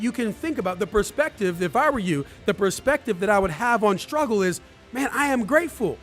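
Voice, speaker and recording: A man's voice: very high voice, a bit bright. A man giving a live motivational talk, emphatic and repeating his key phrases as he speaks straight to viewers. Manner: addresses viewers directly.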